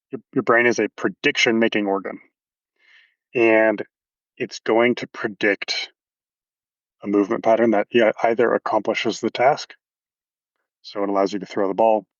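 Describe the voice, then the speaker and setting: A man's voice: fairly low pitch, no room sound, dull audio. A man coaching athletes, explaining movement casually in a podcast interview with anatomical detail and frequent fillers.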